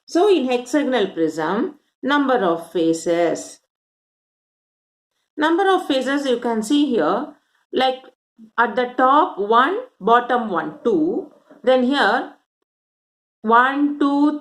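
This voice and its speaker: Woman, maths teacher, step-by-step explanation, rhetorical questions, animated pitch. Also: takes it slowly. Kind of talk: classroom lesson.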